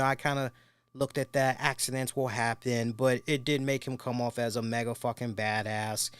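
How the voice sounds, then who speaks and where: A man's voice: medium pitch, clear, resonant tone, no echo. A middle-aged man hosting a wrestling review, telling loose, crude, laughing stories in casual chat. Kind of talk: casual profane storytelling.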